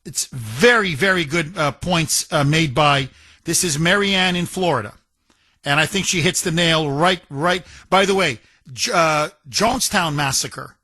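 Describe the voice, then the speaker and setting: Male talk radio host, high and forceful, dry close studio mic, indignant and stumbling in his rants. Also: unhurried, no room sound. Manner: emphatic, indignant, repeats phrases and stumbles on words. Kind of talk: opinionated talk radio monologue.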